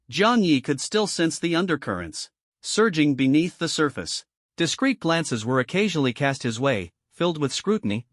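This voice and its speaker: A man with a slightly high voice narrates a comic story recap in a smooth, scripted read. His pitch rises and falls in lively swings, and the sound is close and dry. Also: no room sound.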